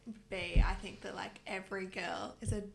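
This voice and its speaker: A woman's voice: mid-range voice, big pitch swings, moderate pace, gravelly. A woman talking bluntly and frankly in a casual chat, swearing freely. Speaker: guest.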